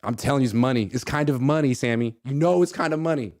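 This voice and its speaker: A man's voice: mid-range voice, fast, dry recording, studio quality. A man in his thirties hosting a casual sports talk show, joking and acting out what others say. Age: 30s. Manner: animated, jokey, acts out quotes. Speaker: podcast host.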